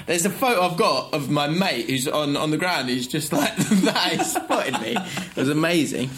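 A man's voice: a little high, moderate pace, crowd noise. A man, telling stories in a casual podcast chat and laughing as he goes. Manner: animated, laughs through his anecdotes. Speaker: podcast co-host.

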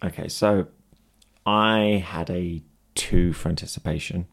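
Deep, gravelly co-host with a dry, understated delivery. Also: male voice, steady tone, unhurried. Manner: dry short reactions. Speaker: podcast co-host. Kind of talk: casual chat.

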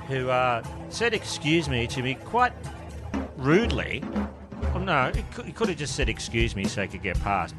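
A man co-hosting a podcast, bantering casually and telling crude, jokey stories. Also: mid-range voice. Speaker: podcast co-host.

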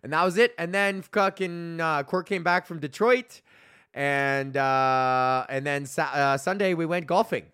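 A man hosting a podcast, telling a profane, animated story in a casual rant, often laughing. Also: on the high side, a little slow, clear, resonant tone, no room sound, studio quality. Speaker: podcast host. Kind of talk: casual ranting monologue.

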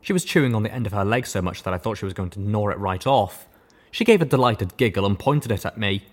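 Low-voiced man narrating an audiobook. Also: animated, fast talker, slightly rough.

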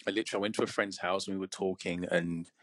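An English man from the UK, speaking as a podcast guest in a reflective, measured way with frequent pauses. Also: low-pitched, steady tone, fairly bright tone, no room sound, clean studio sound. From United Kingdom. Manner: reflective, measured, pausing often. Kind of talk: candid interview conversation.

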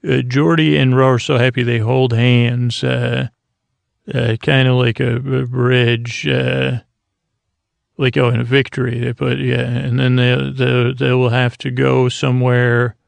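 A man hosting a sleep podcast, retelling an episode in a halting, meandering way full of filler pauses. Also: mid-range voice, little pitch movement, creaky, no room sound. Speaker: podcast host.

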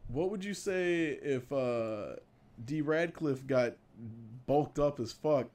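A man chatting casually with friends about movies, excitable, laughing and swearing. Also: a little high, slow pace. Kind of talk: casual podcast chat.

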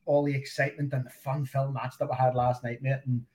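A man's voice: mid-range voice, level tone, fast talker, a little mellow. Dry-joking Northern Irish man. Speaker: podcast co-host. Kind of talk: casual podcast chat.

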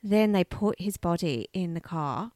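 A woman co-hosting a casual true-crime chat, telling the story in a chatty, animated way. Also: fairly low pitch, unhurried, no echo. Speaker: podcast co-host.

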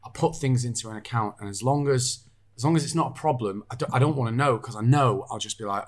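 A man in casual chat, an animated storyteller who acts out quoted voices. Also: mid-range voice, fast.

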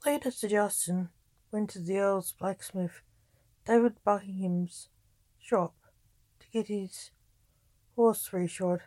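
A woman reading a story aloud in a slow, measured storybook narration. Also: mid-range voice, mellow, no echo, poor audio.

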